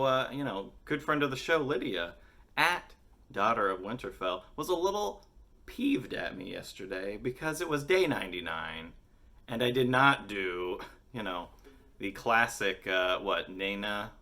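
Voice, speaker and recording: Excitable, swearing male vlogger. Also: fairly low pitch. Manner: excitable, swears constantly, jokey rants. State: voice worn from singing. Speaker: host of a daily music video series. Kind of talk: casual, profane vlog chat.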